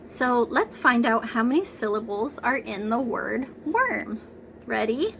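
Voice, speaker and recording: A woman leads a preschool lesson from home through her computer camera, coaxing young children along in a gentle, unhurried way. Her voice sits a little high with a gravelly fry at the edges. A faint hiss runs beneath the recording. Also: lively intonation, low-quality recording. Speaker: preschool teacher. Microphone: computer camera mic.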